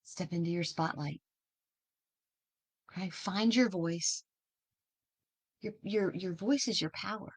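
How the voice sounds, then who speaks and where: Woman host, casual inspirational monologue, warm-hearted pep talk, chatty with questions. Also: fairly low pitch, slow pace, long pauses. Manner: chatty, encouraging, asks many questions; laughs easily, restarts words.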